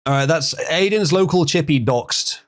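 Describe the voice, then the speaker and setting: A man's voice: on the high side, normal speed. A man hosting a casual livestream, dry and teasing in his remarks. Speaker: stream host.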